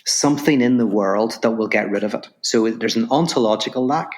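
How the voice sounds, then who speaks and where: A man with a fairly low voice tells a parable on a podcast. He acts out the voices of the people in it, then explains abstract ideas in long, building phrases with frequent restarts. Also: fairly quick. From Northern Ireland. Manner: lively storyteller, acts out voices in anecdotes. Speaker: podcast guest, philosopher.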